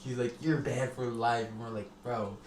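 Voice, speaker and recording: A man's voice: mid-range voice, fairly even intonation, normal speed. A young man casually swapping old stories on a podcast, laughing often, slangy and profane. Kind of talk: casual storytelling chat. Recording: echoey room with faint noise.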